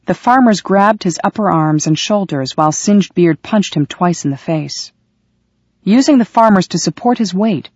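A man reading a first-person audiobook chapter with steady, dramatic storytelling. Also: fairly high pitch, no room sound. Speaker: audiobook narrator. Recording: dry, slightly muffled.

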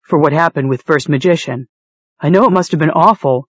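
A woman's voice: low-pitched, brisk, no echo. A woman reading a stern, lecturing young man. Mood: apologetic. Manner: demanding, lecturing. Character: stern young man, protective and quick to anger. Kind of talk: audiobook reading. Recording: dull, dry studio read.

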